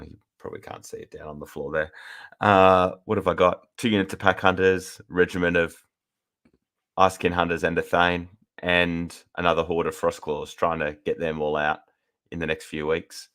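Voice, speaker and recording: An Australian man co-hosting a podcast in casual chat, his voice husky from a cold, relaxed and dry. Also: low voice, moderate pace. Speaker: podcast co-host.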